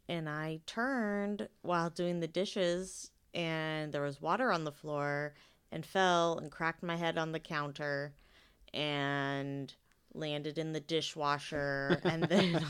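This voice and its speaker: Smooth-voiced woman podcast co-host. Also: deep voice, slow pace. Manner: laughs often, self-mocking. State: tired after a fall. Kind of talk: casual chat. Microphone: headphones, one ear on.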